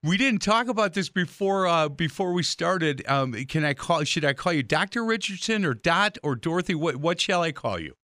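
A talkative man hosting an interview, rambling through stories with lots of restarts and asides. His voice is bright and forceful. The sound is dry, with no room in it. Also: a little high, expressive, normal speed, hardly any pauses, no echo. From Irish heritage. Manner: chatty, storytelling, many restarts. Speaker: show host. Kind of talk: casual interview chat.

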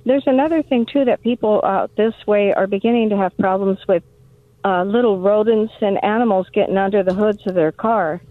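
A woman's voice: medium pitch, fairly quick, no room sound. A woman calling in to a garden radio show, asking questions hesitantly with many fillers. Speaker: caller. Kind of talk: phone-in question. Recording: tinny phone line.

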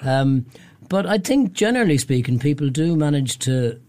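A man who works as an actor and musician, a guest in a radio studio, telling lively stories with a laugh. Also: a little high, normal speed. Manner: animated storyteller, laughs. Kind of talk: casual studio chat.

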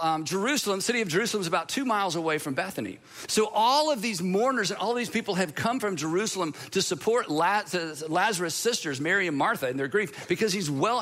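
Male pastor, sermon, high pitch, bright tone, earnest, repeats phrases for emphasis.

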